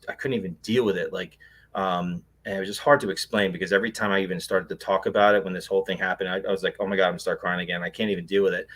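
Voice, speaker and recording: A man speaks as an interview guest, telling a personal experience with earnest intensity. His voice sits a touch low, yet it sounds bright and tense. He rambles, stacking fillers and restarts as he goes. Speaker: guest, paranormal investigator.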